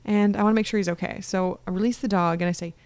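A woman's voice: mid-range voice, fairly even intonation, fast, darkish tone, clear, resonant tone, no room sound. A woman playing a tabletop game, bubbly and joking. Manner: bubbly and joking, laughs often. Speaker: player. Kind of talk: casual tabletop play.

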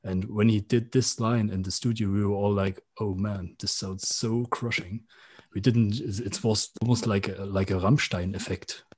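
Man, low voice, dry sound. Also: fairly even intonation, normal speed, a little mellow, no echo. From Germany. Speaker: guest, metal band member. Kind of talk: casual interview answers.

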